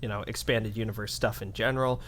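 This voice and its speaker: A man's voice: lowish voice, steady tone, quick pace, fairly bright tone, slight background noise. A man co-hosting a gaming podcast, chatting casually and animatedly. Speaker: podcast co-host.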